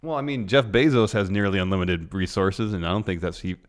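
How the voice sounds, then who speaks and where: A man's voice: low-pitched, brisk. A man co-hosting a wrestling podcast, answering his partner's ideas in a dry, skeptical way. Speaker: podcast co-host. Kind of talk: casual chat.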